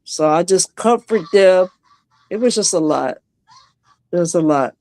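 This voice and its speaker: A woman on a video call from home, a guest telling an emotional personal story on a live stream, halting and restarting as she speaks. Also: lowish voice, animated, darkish tone, dry recording.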